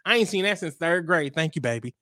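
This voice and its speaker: A comedian talks through his craft in a lively storytelling manner, jumping into little character voices for his jokes. His voice sits a touch high for a man, and the recording is close and dry with no room sound. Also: quick pace, dry recording. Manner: animated storyteller acting out joke voices. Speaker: comedian guest. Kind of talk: casual interview chat.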